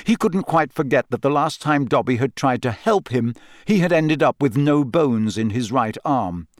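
A man narrating an audiobook in an expressive reading style. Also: medium pitch, normal speed, no room sound, clean studio sound. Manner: expressive, voices characters. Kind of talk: scripted narration.

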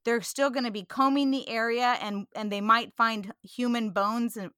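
A woman from California talking earnestly about scripture in a casual discussion, animated and quick to laugh. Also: on the high side, clear, resonant tone, dry recording, studio quality.

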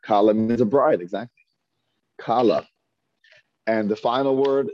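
A man with a lowish voice teaches a Hebrew reading class, patiently repeating words slowly and asking his students questions. The recording is dull, lo-fi and dry.

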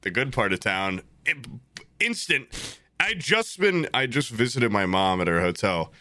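A man's voice: mid-range voice, a little slow, no echo, clean studio sound. A young man in casual podcast chat, telling a story with plenty of swearing and acted-out quotes. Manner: animated storyteller, swears freely, acts out quotes.

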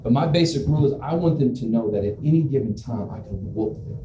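A man in his forties preaching a humorous sermon as pastor, animated and self-mocking, with comic asides. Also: mid-range voice, quick pace. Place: church sanctuary. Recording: echoey church hall with room noise.

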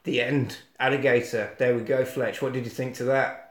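A man with a mid-range voice and moderate pace recaps a monster film on a podcast in an echoey room. Casual and animated, he acts out quotes and sound effects and swears freely.

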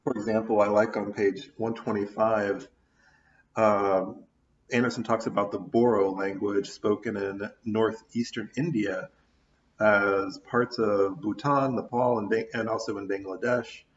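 A man's voice: fairly low pitch, fairly even intonation, unhurried, far from the mic, slight background noise. A man with an American accent giving a recorded audio lecture, thoughtful and loose, with many ums and restarts. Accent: American English. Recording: dull, roomy, mic set back.

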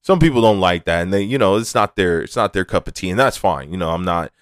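A man's voice: deep voice, expressive, quick pace, dry recording, studio quality. A young adult man hosting a casual, rambling, candid monologue, with frequent restarts and swearing. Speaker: podcast host.

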